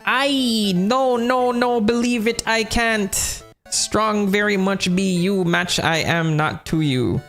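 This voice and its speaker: A man plays a shady male gang crook from a game who speaks slowly in broken, backwards English. The put-on English-Jamaican accent comes out in a raised, halting voice. Soft music plays underneath. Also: high voice, pitched above the performer's own voice, exaggerated voice. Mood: defeated. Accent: put-on mix of English and Jamaican. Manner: slow, halting, words in odd order. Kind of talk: reading game dialogue aloud.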